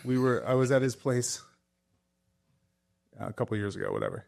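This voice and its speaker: A man's voice: mid-range voice, moderate pace, gravelly. Male tattoo artist guest, easygoing and profane, full of stories and laughter. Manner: animated storyteller, swears, laughs often. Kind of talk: casual chat.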